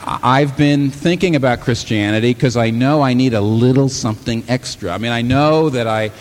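A man's voice: medium pitch, moderate pace, a little hiss or hum. A man preaching a sermon, who acts out imagined listeners and speaks as Jesus, building to exclamations.

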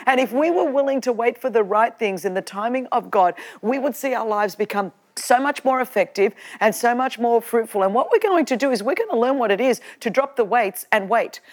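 An Australian woman in her fifties preaching a lively, joking sermon to a live audience. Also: fairly high pitch, fairly quick, few pauses. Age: 50s. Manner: animated, joking, with frequent laughs.

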